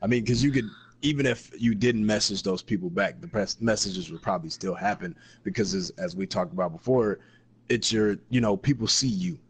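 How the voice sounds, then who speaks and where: A man hosting a casual podcast chat, relaxed and profane, steering the topics. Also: lowish voice, a little fast, breathy edge.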